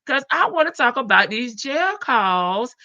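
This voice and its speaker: A woman's voice: on the high side, sing-song, unhurried, sharp tone, lo-fi sound. A woman hosting a casual livestream, chatty and sassy, laughing often and calling her viewers baby. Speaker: livestream host.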